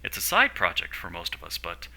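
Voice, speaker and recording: Cool sarcastic older lady in charge, as a man reads her, low and sharp. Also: wildly swooping pitch, fairly quick, creaky, heavily acted, rough recording. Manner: disdainful, dry. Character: older woman team leader, cool and sarcastic.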